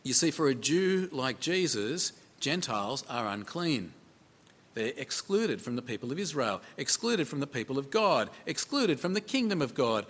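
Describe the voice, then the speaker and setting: A man's voice: medium pitch, very animated, normal speed, fairly bright tone. A man preaching a sermon in a conversational way, repeating phrases for emphasis and asking rhetorical questions.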